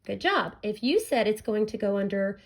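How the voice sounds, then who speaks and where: A woman teacher giving a recorded phonics lesson to children, speaking clearly and drawing out each sound. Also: mid-range voice, lively intonation. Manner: slow, clear, stretching out sounds for young learners.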